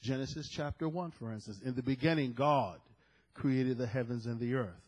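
A man's voice: mid-range voice, normal speed, darkish tone, rough recording. A man preaching a sermon, reading scripture and calling out to the congregation. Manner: preaching with call-and-response to the congregation. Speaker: pastor.

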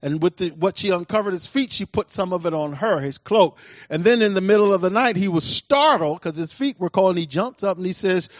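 A man preaching a sermon as a pastor, swinging between fervent declarations and hushed asides. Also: high voice, animated, normal speed, dry recording, muffled recording.

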